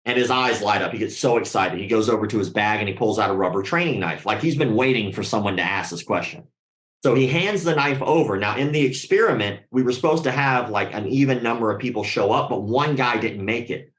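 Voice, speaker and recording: With a lowish voice and a brisk delivery, a man tells a story in a roomy space. He's animated and profane, keeping things casual while acting out the voices of people he quotes.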